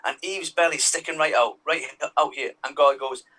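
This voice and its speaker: A man doing a stand-up comedy set over a video call, talking in an animated way and jumping into voices for his characters. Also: fairly high pitch, normal speed, recorded from a distance, rough recording.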